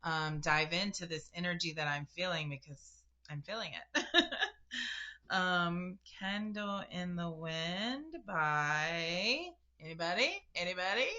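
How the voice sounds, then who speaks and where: A woman's voice: fairly low pitch, slow pace, bright, forceful tone, dull audio. A young woman giving a casual spiritual reading to camera, chatty and emotional, talking straight to her viewers. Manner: chatty and emotional, addresses viewers directly, laughs and gasps. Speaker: spiritual reader.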